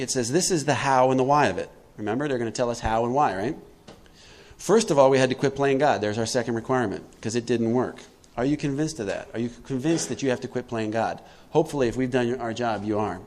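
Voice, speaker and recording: A man giving a recovery workshop talk, asking his listeners questions and answering them himself, acting out quotes with big swings in pitch and loudness. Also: quick pace. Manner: preachy, asks the room questions and answers them; acts out quotes with animated swings in pitch and volume. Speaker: workshop speaker.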